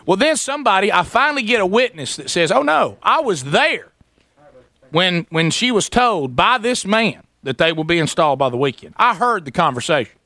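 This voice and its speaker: Male radio host, animated storyteller, bright tone, dry studio sound. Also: high-pitched, moderate pace, no echo. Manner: animated storyteller, acts out voices.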